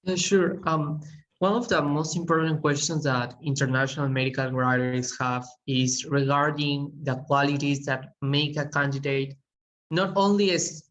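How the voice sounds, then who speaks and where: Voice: medium pitch, a bit bright, a little hiss or hum. An interviewer carefully posing a question to a guest.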